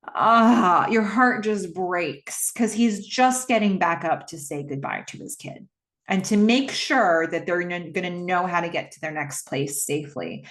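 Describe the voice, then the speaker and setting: A woman casually retelling a film's plot, chatty with lots of fillers and visibly moved. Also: lowish voice. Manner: conversational with many fillers, emotional. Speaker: film recap host. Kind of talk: casual movie recap.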